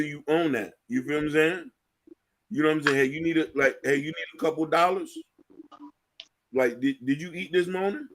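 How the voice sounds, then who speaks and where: A man hosting a casual talk show, joking and animated, playing up mock fear. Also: fairly high pitch. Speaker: show host.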